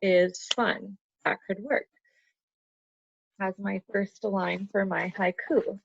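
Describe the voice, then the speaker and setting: A woman's voice: mid-range voice, fairly even intonation, takes it slowly, creaky, husky, no room sound. A woman teacher talking through an online class lesson, patiently explaining step by step and counting syllables aloud. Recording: dull lo-fi computer audio.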